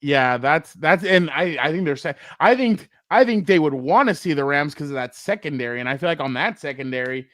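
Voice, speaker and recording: A man co-hosting a casual sports talk show, telling stories with animated, profane banter and acting out quotes. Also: fairly high pitch, fairly quick, few pauses, no echo, studio quality. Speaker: co-host.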